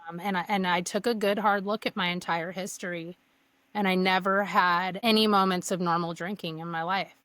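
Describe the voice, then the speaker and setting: A woman's voice: fairly low pitch, fairly even intonation, moderate pace, a bit bright, no echo. A young woman candidly telling her personal story as a podcast guest, earnest, with many fillers and restarts.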